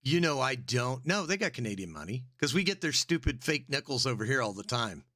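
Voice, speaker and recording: A man co-hosting a podcast, chatting casually and rambling with mocking voices. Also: fairly quick. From United States. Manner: animated, rambling, puts on mocking squeaky voices. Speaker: podcast co-host. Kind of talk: casual comedic podcast chat.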